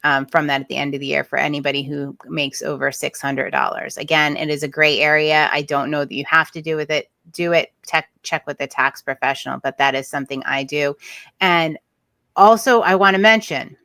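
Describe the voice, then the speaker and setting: A woman's voice: sits low, fairly even intonation, brisk, gravelly, sharp tone, no echo. A woman hosting a podcast, giving practical business advice in a chatty, emphatic way. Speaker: podcast host. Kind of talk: casual advice chat.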